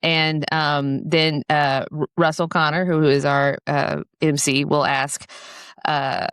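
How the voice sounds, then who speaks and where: Smooth-voiced chatty woman storyteller. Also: deep voice, flat delivery, slow, fairly bright tone, no room sound, clean studio sound. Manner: chatty storyteller with many fillers. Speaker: author guest. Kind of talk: casual podcast chat.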